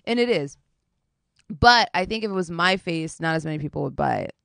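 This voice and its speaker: A woman talks to her stream in a loose, casual way, swearing freely as she tells a story. Her pitch jumps around a lot. The sound is dry and close. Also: brisk, gravelly, no echo. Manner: animated, swearing storyteller, reads chat.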